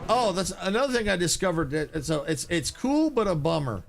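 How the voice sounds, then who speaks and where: A man giving casual, excitable commentary while playing a video game, exclaiming and laughing often. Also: sits high, a little fast, creaky, a little hiss or hum. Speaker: gaming streamer.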